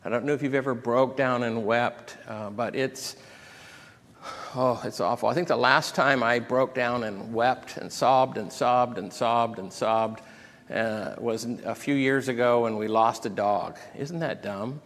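A man pastor preaching a sermon, retelling scripture and a personal story with deep emotion. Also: unhurried, a bit bright. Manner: emotional storytelling, reads scripture aloud with rising intensity. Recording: long hall reverb.

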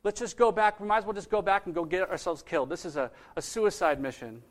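A man's voice: sits high, fast, lightly acted. A man voicing a sarcastic, doubting male disciple with mocking, overdone enthusiasm.

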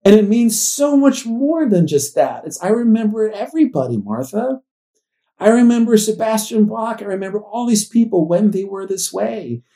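A man's voice: high-pitched, lively intonation, moderate pace, dark tone. A man in his forties, a podcast co-host, talking in a reflective, wistful way that wanders and restarts as he thinks aloud. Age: 40s. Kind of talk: casual conversational podcast chat.

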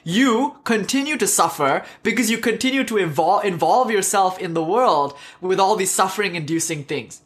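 A man voicing a smug male saint who lectures slowly about his own insight. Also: high voice, animated, a bit bright.

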